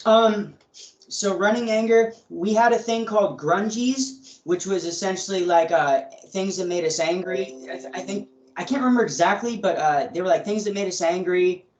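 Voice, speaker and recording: High-voiced man in an echoey room. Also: moderate pace, a little mellow, lo-fi sound. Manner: casual, repeats "you know what I mean". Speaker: guest. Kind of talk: casual interview. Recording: roomy echo.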